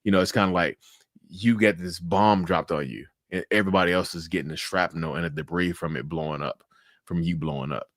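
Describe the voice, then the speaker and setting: Talking a little fast, an interview host keeps things informal and profane, animatedly performing his reactions with sharp jumps in his voice and bursts of laughter. There's no room sound on the recording.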